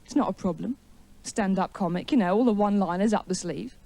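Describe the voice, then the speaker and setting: A woman's voice: medium pitch, fast, creaky, very noisy. A woman doing a stand-up routine in a TV studio before a live audience, telling a story with chatty, wry self-mockery and teasing the crowd. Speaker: stand-up comedian.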